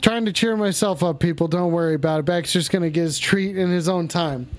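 A man with a high voice hosts a comedic livestream, swearing freely and working himself into mock outrage at his viewers. His rants are loud, theatrical and profane. A little music plays faintly beneath him. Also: a little fast. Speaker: livestream show host.

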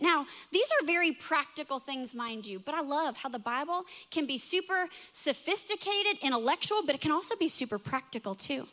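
Bright, high-voiced woman preaching a sermon. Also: moderate pace, few pauses. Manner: animated storytelling, acting out voices in quotes. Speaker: pastor.

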